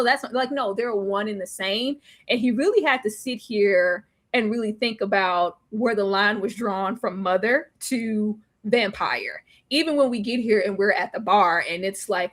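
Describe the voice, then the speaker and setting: A woman's voice: medium pitch, lively intonation, moderate pace, hardly any pauses, a bit bright. A woman hosting a live discussion of a TV episode, laughing often and acting out the characters' lines. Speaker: host.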